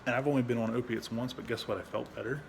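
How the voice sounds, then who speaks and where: With vocal fry and a steady tone, a veteran vlogger talks fast in a rambling, casual home vlog, blunt and full of swearing and restarted sentences. He uses a high baby-talk voice with his dog, and there's slight background noise.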